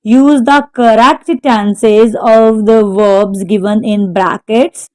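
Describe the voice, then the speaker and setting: A woman teacher slowly reading out textbook exercise answers, carefully naming the stressed syllable of each word. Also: medium pitch, steady tone, rough recording. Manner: slow, careful dictation, spelling out word stress. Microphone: home microphone.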